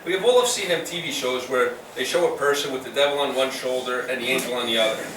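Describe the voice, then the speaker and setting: A man speaking at a memorial, urging listeners on with rousing, exhortative lists. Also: a little high. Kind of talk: motivational memorial speech. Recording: echoey room from a distant mic with ambient noise.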